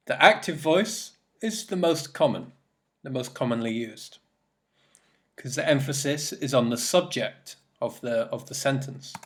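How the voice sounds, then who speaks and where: Male English teacher, mid-range voice, unhurried, methodical lesson narration. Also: mid-range voice. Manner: slow, deliberate explaining with repeated examples. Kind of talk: recorded grammar lesson.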